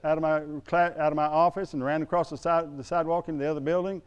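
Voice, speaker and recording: A middle-aged man preaching a sermon, telling a personal story in a folksy way that swings from loud to hushed. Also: on the high side, level tone, quick pace, clean tone, highs cut off. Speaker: pastor.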